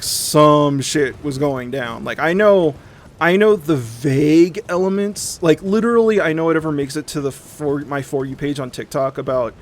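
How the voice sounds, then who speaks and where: A young man chatting casually on a livestream, animated and profane, often mimicking other people in quick asides. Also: fairly high pitch. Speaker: streamer.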